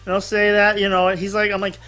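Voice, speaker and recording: A man hosting a casual talk show, telling rambling, animated gaming stories. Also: high-pitched, a little fast, soft background music.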